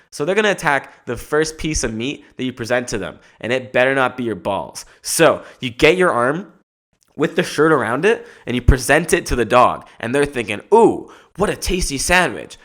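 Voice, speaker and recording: A man's voice: medium pitch, a bit bright. A man hosting a podcast, riffing through a rambling comic monologue with casual swearing. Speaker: podcast host.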